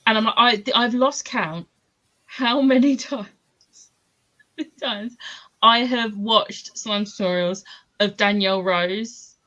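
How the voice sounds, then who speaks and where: A woman's voice: a little high, fairly even intonation, slow pace, pauses often, bright, forceful tone, dull audio. A woman chatting casually about books on a video call, rambling with lots of fillers. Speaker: booktuber host. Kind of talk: casual chat.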